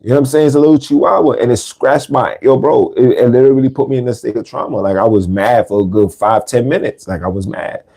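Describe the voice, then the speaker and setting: A man's voice: mid-range voice, fast, creaky, few pauses, mellow. A man hosting a podcast, talking casually in street slang and repeating words for emphasis. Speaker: podcast host. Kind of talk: casual monologue.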